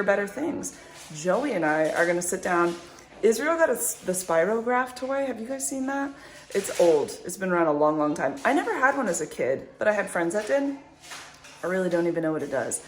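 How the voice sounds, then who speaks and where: Woman, 30s, casual vlog chat, upbeat, rambling, slightly low voice. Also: a little hiss or hum. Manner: chatty, upbeat, rambling with fillers. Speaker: vlogger, mother.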